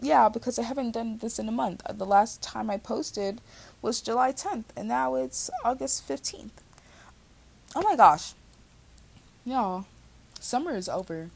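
A woman's voice: a little high, animated, a little slow, gravelly, long pauses, a little mellow. A young woman in her twenties hosting a podcast, chatting casually with slang and swearing. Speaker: podcast host. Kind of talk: casual chat.

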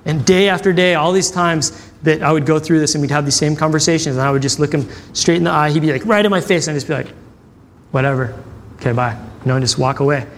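A man's voice: on the high side, quick pace, slight background noise. Storytelling male preacher, reverberant hall. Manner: conversational, acts out quoted dialogue. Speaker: pastor. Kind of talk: sermon with personal storytelling.

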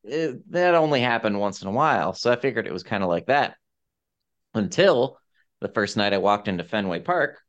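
Smooth low-voiced male podcast host. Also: moderate pace, highs cut off. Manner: animated storyteller who mimics accents. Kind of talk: casual chat, storytelling.

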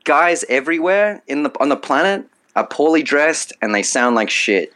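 A man's voice: fairly high pitch, very animated, normal speed, a bit bright. Blunt, profane Australian man. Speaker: podcast guest. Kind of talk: casual podcast chat.

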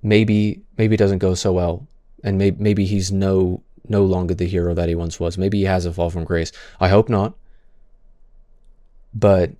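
A man's voice: low-pitched, level tone, measured pace, dark tone, no echo, clean studio sound. A man in his twenties who stutters, giving impassioned stream commentary with frequent restarts and repeated words.

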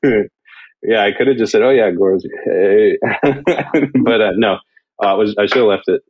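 A man from Canada hosting a casual podcast chat, animated and laughing, often dropping into mock voices. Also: lowish voice, moderate pace, lo-fi sound. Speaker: podcast host.

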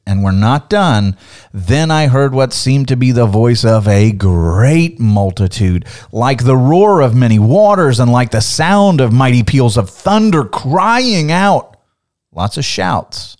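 A man's voice: medium pitch, lively intonation, a little slow, a little mellow. A man co-hosting a podcast, teaching the Bible in an emphatic, building way and reading scripture aloud.

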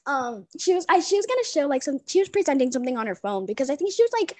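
Young female co-host, high pitch, chatty storyteller with lots of fillers, dry recording. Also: big pitch swings, racing, no room sound. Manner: rambling storytelling with many fillers and restarts. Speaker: podcast co-host. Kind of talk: casual chat.

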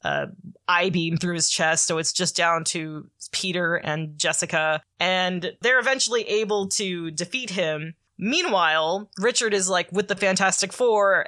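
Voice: mid-range voice, sharp tone, no room sound, studio quality. A podcast co-host casually recapping a comic story, rambling with lots of filler words and the odd swear.

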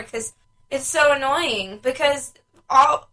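A woman's voice: high voice, lively intonation, moderate pace, pushed and bright, rough recording. A woman chatting casually as a podcast co-host, blunt and exasperated, swearing freely. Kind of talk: casual chat.

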